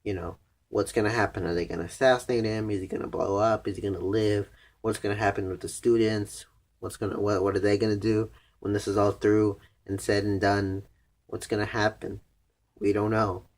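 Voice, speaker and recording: A young man casually recapping an anime episode, rambling with lots of "like" and frequent swearing. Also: lowish voice. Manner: rambling, profane, heavy use of "like". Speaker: anime reviewer.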